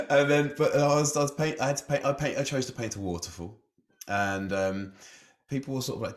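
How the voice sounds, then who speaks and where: A low-pitched man tells his story casually as a podcast guest. He's chatty and self-deprecating, laughing often and leaning heavily on "you know."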